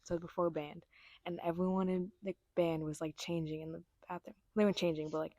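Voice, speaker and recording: A young woman co-hosting a casual chat, telling stories with dramatic, excitable reactions. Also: on the low side, a little fast, no room sound, studio quality. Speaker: podcast co-host.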